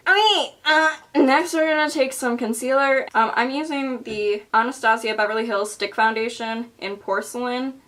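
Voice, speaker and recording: A woman's voice: on the high side, steady tone, normal speed, few pauses, fairly bright tone. Profane, rambling young woman vlogger. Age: young adult. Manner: rambling, profane, self-mocking. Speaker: beauty vlogger. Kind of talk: casual makeup tutorial. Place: bedroom at home.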